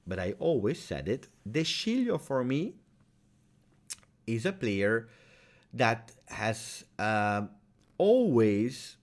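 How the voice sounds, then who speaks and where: A man hosting a live-stream fan chat, excitable and halting, repeating himself with many fillers and loud bursts. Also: fairly low pitch. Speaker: fan channel host.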